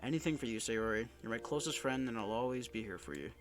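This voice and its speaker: A man's voice: mid-range voice, expressive, fast talker. Earnest man reading a visual novel. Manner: emotional, earnest, stumbling over words. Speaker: gaming YouTuber. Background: background music.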